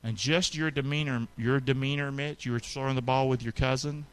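A middle-aged male pastor preaching a sermon to his congregation, calling for responses and swinging between loud peaks and soft asides. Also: mid-range voice, steady tone, fairly quick, clean tone. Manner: call-and-response preaching, rising to shouts then dropping soft. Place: church sanctuary with congregation.

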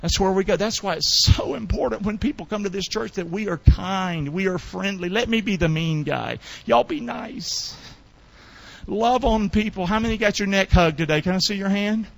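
A man preaching a sermon, calling out questions for the congregation to answer and swinging between loud bursts and quiet asides. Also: high-pitched, brisk, gravelly, hardly any pauses. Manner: call-and-response preaching, quizzing the congregation. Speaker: pastor.

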